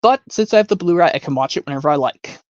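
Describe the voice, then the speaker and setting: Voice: medium pitch, lively intonation, very fast, no echo, muffled recording. A streamer hosting a voice-impressions game, chatting casually and rambling, thinking aloud with hums and restarts.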